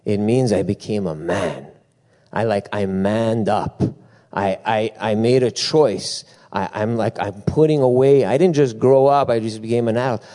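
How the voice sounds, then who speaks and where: A middle-aged man preaching a sermon, telling lively stories with asides and bursts of laughter. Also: fairly low pitch. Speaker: pastor.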